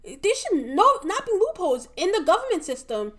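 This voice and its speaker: A young woman with a high voice talks alone on her podcast. She rambles and circles back on herself, packs her talk with "like" and swear words, and sounds openly exasperated. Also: big pitch swings, normal speed, a bit bright. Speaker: podcast host. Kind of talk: casual solo podcast rant.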